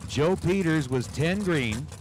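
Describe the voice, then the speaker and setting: Guy doing drag race play-by-play, a bit high voice, chatty, faint noise behind. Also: animated, slow pace, darkish tone. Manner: chatty, reads viewer chat aloud between races. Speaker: race announcer. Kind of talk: livestream race commentary with chat.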